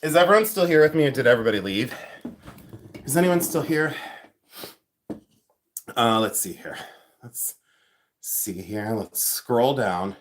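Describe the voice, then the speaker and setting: A man from the United States hosting a casual livestream from his home. He jokes, laughs a lot and talks loudly, and he has a runny nose. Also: mid-range voice, a little slow, long pauses. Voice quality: animated and joking, laughs often. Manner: loud, calls out from across the house. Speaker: livestream host. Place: home, moving between rooms.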